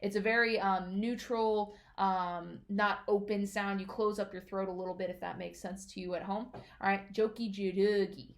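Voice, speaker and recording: A woman's voice: medium pitch, steady tone, normal speed, few pauses. A woman teaching as a martial arts instructor, explaining patiently and checking in often with "all right?".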